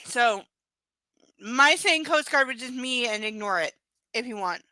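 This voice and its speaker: A woman's voice: fairly high pitch, animated, a little slow, bright, forceful tone, no room sound. A woman reading a romance novel aloud on a live stream, breaking off for chatty, sarcastic asides and casual swearing. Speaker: live reader and commentator.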